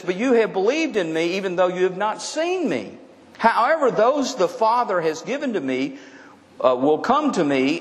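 A male pastor delivering a sermon, pressing his points by repeating words and circling back mid-sentence. His voice sits on the higher side for a man. A long reverb from the sanctuary trails each phrase. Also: slight background noise. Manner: emphatic, repeats key phrases, frequent restarts. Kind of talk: expository sermon.

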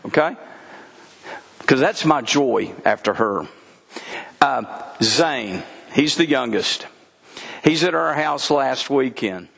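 An older pastor preaches slowly and deliberately, in a voice that climbs high and swoops widely as he drives his points home. He leans into folksy stories. His words ring out with a long reverb, as in a large hall. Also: expressive, vocal fry, fairly bright tone, breathy edge. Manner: folksy storytelling preacher, voice rising and dropping for emphasis. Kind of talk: sermon.

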